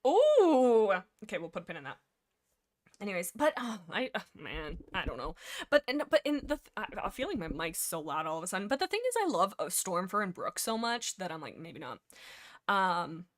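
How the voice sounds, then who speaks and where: Rambling young woman chatting on a stream. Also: a little fast. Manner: rambling, jumps between points, lively swings in pitch. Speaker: livestream host discussing books. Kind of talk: casual rambling chat.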